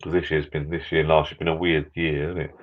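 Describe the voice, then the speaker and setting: A man's voice: rumbling low, little pitch movement, fast talker, muffled recording. An older man hosting a live stream from his backyard bar, chatting in a rambling, sentimental way. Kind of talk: casual chat. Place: backyard garden bar shed.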